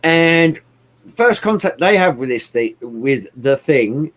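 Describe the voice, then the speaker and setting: A man chatting casually about films, animated and swearing often, with bursts of mimicry. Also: on the high side, slow. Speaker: podcast co-host. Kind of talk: casual movie chat.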